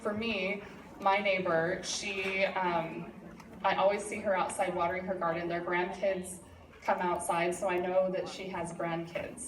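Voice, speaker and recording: A woman's voice: on the low side, far from the mic. A middle-aged woman giving a live workshop presentation as a sales trainer, chatty and encouraging with frequent fillers. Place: presentation room. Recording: echoey room from afar, audible noise.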